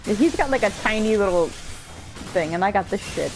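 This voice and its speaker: Casual gamer woman narrating her play, loose and profane, animated intonation, soft music underneath. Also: mid-range voice, a little fast, poor audio. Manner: chatty, swears casually, laughs often. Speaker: game streamer. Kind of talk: casual let's-play commentary. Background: faint game music.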